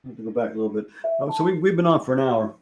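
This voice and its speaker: A man's voice: mid-range voice, lively intonation, racing, highs cut off, background noise. A man hosting a live-stream trivia game, chatting casually and reading out viewers' answers as they come in. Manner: chatty, thinks aloud, reads out viewer answers. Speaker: livestream trivia host.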